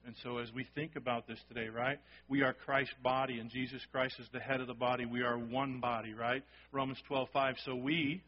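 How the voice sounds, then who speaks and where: A man's voice: mid-range voice, level tone, a little fast, few pauses, lo-fi sound. A male pastor preaching a sermon in church. He talks conversationally to the congregation and keeps checking in with "okay?" and "right?".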